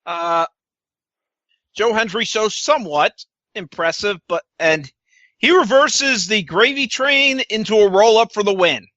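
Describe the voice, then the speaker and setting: Bright, high-voiced man recapping wrestling. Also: expressive, unhurried, no echo, highs cut off. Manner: sarcastic, swears, quotes wrestlers in put-on voices. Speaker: podcast co-host. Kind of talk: casual wrestling recap chat.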